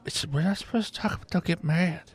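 A man's voice: fairly high pitch, fast, breathy edge. A man voicing a drunk, frightened village barman, rambling and evasive.

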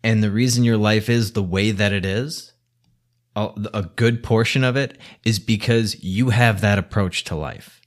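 A man's voice: fairly low pitch, unhurried. A man delivering an exasperated, scolding rant to the camera, swearing heavily. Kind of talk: angry rant monologue.

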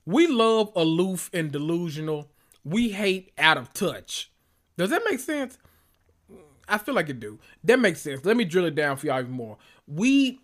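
A man hosting a solo reality TV recap podcast, talking in a sassy, profane way with drawn-out emphasis. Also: fairly high pitch, fairly bright tone. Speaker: podcast host.

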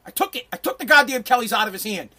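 A middle-aged man ranting in a brash, profane, emphatic way, now and then bursting into shouts. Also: very high voice, expressive, fast talker. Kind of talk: ranting monologue.

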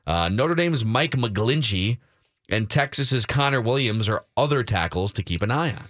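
Man, sports radio co-host, casual banter, mid-pitched voice, dry studio sound. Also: animated, normal speed, fairly bright tone, no echo. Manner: chatty, reads emails and mock drafts aloud. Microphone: studio microphone.

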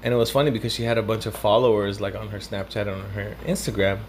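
A man's voice: fairly low pitch, level tone, fast, slight background noise. A young man from Southern California casually telling a story, rambling and swearing, slipping Spanish slang into his English.

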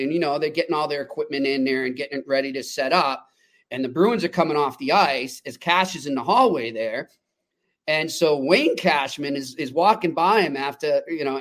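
A man co-hosting a sports podcast, telling stories in a chatty, lively way. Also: fairly high pitch. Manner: chatty storyteller, lively and laughing. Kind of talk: casual sports talk.

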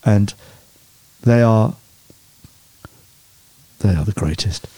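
A man telling lively personal stories as an interview guest, often stumbling and restarting mid-sentence. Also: lowish voice, slow. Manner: animated anecdotes with hesitant restarts. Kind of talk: storytelling interview chat.

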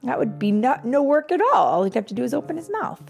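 A woman's voice: sits high, sing-song, fast, creaky, faint music behind. A woman reading a fairy tale aloud to a child with playful, chatty asides to the listener. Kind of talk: playful read-aloud storytelling.

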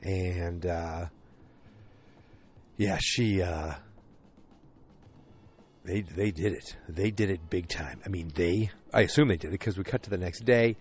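A man's voice: low voice, slow, pauses often. A man recapping a TV episode in casual chat, tired and getting over a cold, rambling with many fillers.

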